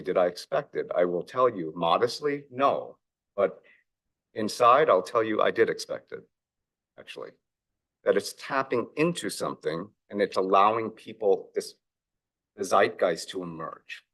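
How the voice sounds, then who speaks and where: A middle-aged man gives a keynote talk from the stage. His voice sits fairly low. He speaks reflectively and often acts out bits of family dialogue as he tells his stories. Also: a bit bright. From United States. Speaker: author and investor giving a keynote. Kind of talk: conference keynote speech.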